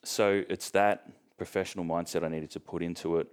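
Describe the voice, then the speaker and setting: A young Australian man chatting casually as a podcast guest, joking and relaxed, with lots of ums. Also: low voice, a little fast, clear, resonant tone. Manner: joking, relaxed storytelling with fillers. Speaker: guest, professional bodybuilder.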